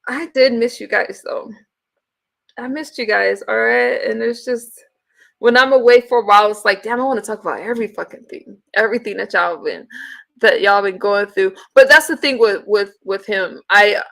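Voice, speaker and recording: A woman's voice: medium pitch, moderate pace, creaky, fairly bright tone. A woman hosting a livestream, ranting bluntly and with profanity while greeting viewers in the chat. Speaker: livestream host. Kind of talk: casual livestream rant.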